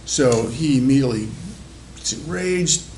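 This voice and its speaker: A male university lecturer telling stories in an animated, chatty classroom lecture. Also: mid-range voice, normal speed. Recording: echoey classroom with faint noise.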